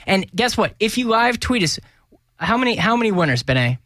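A man hosting a comedic talk show from a small studio, loud, joking and rambling. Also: sits high, sing-song, brisk, no echo. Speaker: radio show host. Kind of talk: comedic podcast banter.

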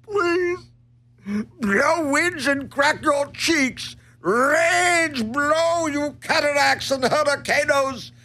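A man playing a hysterical grown man in a breakdown, shrieking in falsetto and ranting theatrically. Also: drawn-out words, sharp tone, heavily acted. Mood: wailing. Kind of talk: comic sketch.

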